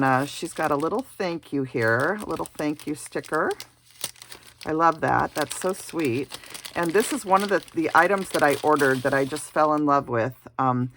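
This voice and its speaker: A woman vlogger chatting casually about new stamps in her craft studio, gushing and pausing with many ums and uhs. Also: sits low, dry recording. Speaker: card-making vlogger. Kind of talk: casual show-and-tell chat.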